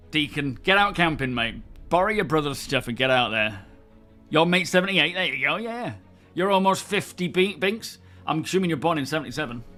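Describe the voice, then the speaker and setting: Thirties man, mid-pitched, easygoing chat-reading streamer, faint music behind. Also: pushed and bright. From England. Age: 30s. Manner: chatty, greets viewers by name, friendly banter. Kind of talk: casual live-stream chat.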